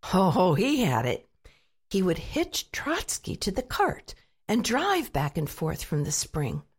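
A woman reading a children's storybook aloud in an expressive, playful way with dramatic pauses. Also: mid-range voice, breathy edge.

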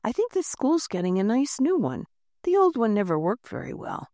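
A woman voicing a calm, proud schoolteacher who speaks matter-of-factly. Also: a little high, normal speed, no echo, clean studio sound, pitched above the performer's own voice.

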